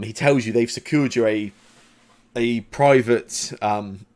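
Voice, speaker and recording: A man running a tabletop game as game master, narrating loosely with many pauses and fillers. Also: fairly low pitch.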